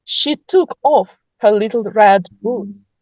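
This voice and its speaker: A woman improvising a children's folk tale, playful and halting, correcting her own slips as she goes. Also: medium pitch, a little mellow, no room sound, low-quality recording. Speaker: storyteller. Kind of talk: improvised storytelling.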